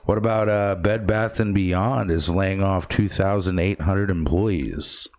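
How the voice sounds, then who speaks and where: Co-host, male, very deep voice, loose jokey banter, home podcast mic. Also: measured pace, a little mellow. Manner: jokey, slips into a put-on announcer voice. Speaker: talk show co-host. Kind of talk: casual chat. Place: home studio room. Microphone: new podcast mic.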